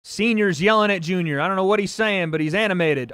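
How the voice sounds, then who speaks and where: A man calls a fight live for his watch-party stream, in a high, bright voice. He names each punch as it lands and swears freely, erupting into excited yells when the action swings. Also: brisk, few pauses, clear, resonant tone, dry recording, clean studio sound.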